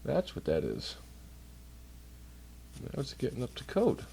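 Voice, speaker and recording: A man's voice: mid-range voice, huge pitch swings, a little slow, creaky, warm tone, a little hiss or hum. A man chatting casually on a livestream from home, rambling and swearing while doing chores. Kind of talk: casual rambling stream chat. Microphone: computer mic while streaming.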